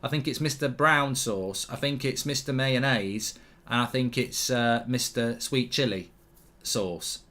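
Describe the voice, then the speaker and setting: A man's voice: medium pitch, a little slow, bright, forceful tone. Blunt man ranting through a football watchalong. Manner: reads viewer comments aloud and reacts; blunt, swears casually, rants at the referee. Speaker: host. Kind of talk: live football watchalong commentary.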